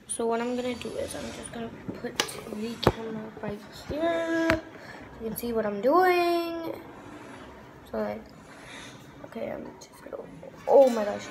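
A woman chatting casually at home for her vlog, rambling with lots of fillers and switching to high baby talk for her dog. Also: slight background noise. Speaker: vlogger. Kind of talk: casual day-in-the-life vlog. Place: at home indoors.

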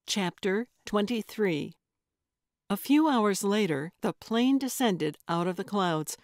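A woman narrating a cozy mystery audiobook in a slow, measured storytelling manner. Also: medium pitch, expressive, dry recording, clean studio sound. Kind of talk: scripted narration.

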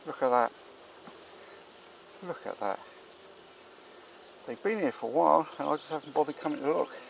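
A man, a beekeeper chatting casually as he works a hive outdoors and talks to his bees, breaking into excited exclamations. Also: fairly high pitch, moderate pace, gravelly, slight background noise. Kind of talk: casual narration while working a hive. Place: outdoors at a beehive. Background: buzzing bees.

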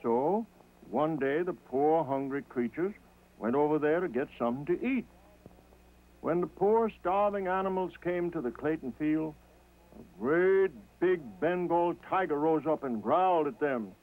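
A man telling a folk tale slowly and rhythmically, in a folksy way. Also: fairly high pitch, expressive. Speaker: storyteller. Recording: tinny lo-fi old TV audio.

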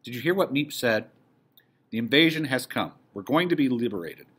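A male teacher reading the part of a calm middle-aged father who reassures his family in a play. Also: medium pitch, fairly quick, husky. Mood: warm.

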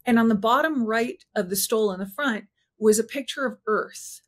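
Female interview guest, higher pitch, earnest and halting personal storytelling.

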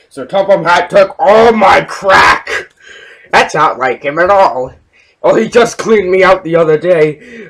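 Loud, foul-mouthed man ranting in high voice. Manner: profane, loud, mocking. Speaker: parody voice-over dubber. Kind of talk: crude comedic overdub.

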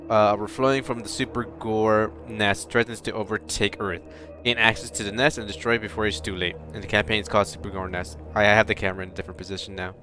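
A man casually commenting on a game he plays, rambling, swearing and bursting out loud. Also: fairly low pitch, a little hiss or hum. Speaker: let's play host.

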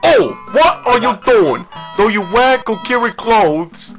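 A man voicing a bossy, stubborn forest boy, reading the lines slowly in a raised, indignant voice. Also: high voice, animated, creaky, soft background music, pitched above the performer's own voice, full character voice.

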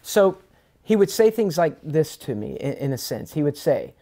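An earnest man talks on a podcast in a fairly high voice. His delivery is casual and conversational, and he slips into the voices of people he quotes. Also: very animated, normal speed, mellow.

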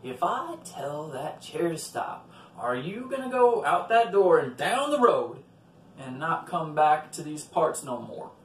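A man playing gruff old Wicked John. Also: on the high side, very animated, measured pace. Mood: bargaining. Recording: roomy, from a distant mic.

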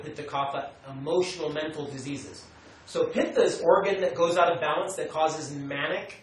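American man lecturing in an echoey hall. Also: on the high side. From United States. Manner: animated, acts out quotes, tells students to take notes. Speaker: teacher. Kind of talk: classroom lecture. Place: meditation center lecture room. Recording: echoey room, mic far away, light noise.

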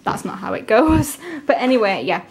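A young woman, chatting casually and gushing with excitement as she unboxes albums. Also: on the high side, moderate pace. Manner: gushing, excitable, breaks into gasps and soft whispers.

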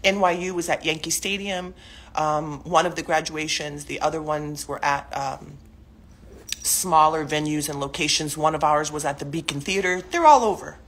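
A woman's voice: deep voice, moderate pace. A woman in her forties speaking emotionally and at length in an unscripted live video from her living room, rambling with many fillers and restarts. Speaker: mother speaking out on social media. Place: living room at home, cluttered with clothes.

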